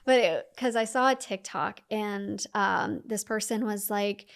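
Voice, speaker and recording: A young woman telling her personal story as a podcast guest, talking fast with many fillers and acting out her past self's inner voice. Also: mid-range voice, steady tone, vocal fry.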